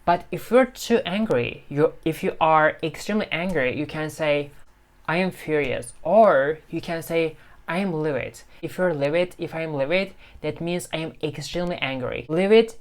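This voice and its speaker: A man's voice: a little high, moderate pace, hardly any pauses, clear, resonant tone. A man teaching English casually to a phone camera, chatty, repeating phrases and checking in with "okay?". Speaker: English-learning YouTuber.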